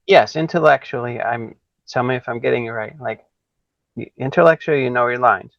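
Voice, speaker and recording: A man hosts an interview podcast, chatting eagerly and affirming his guest as he works through his own thoughts. His voice sits at a middle pitch, and the recording is dull, lo-fi and dry. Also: brisk, gravelly, dry recording. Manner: enthusiastic, affirming, thinks aloud. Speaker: podcast host. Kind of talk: conversational interview.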